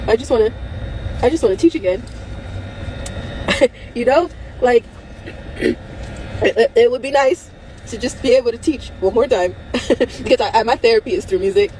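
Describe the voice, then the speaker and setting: A woman's voice: fairly high pitch, normal speed, long pauses, darkish tone, a little hiss or hum, rough recording. A young woman talking in an emotional unscripted monologue, rambling and strained, close to tears, breaking into nervous laughter between phrases. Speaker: vlogger.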